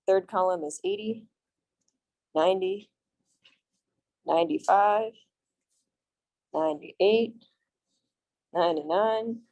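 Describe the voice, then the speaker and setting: Woman, math lecture, classroom, mellow voice, friendly, reassuring. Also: medium pitch, low-quality recording. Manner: friendly, reassuring, asks frequent check-in questions. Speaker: math instructor. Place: classroom, also streamed on video call.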